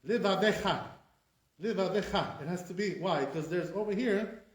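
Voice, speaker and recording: A man's voice: high voice, a little fast, darkish tone. A man teaching as a rabbi, correcting pronunciation and drilling words with rhetorical questions. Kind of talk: classroom lesson. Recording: echoey room sound.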